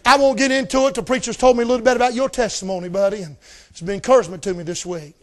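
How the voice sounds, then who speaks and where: A man preaching a fiery revival sermon in a folksy style, shouting often. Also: very high voice, racing. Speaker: visiting preacher.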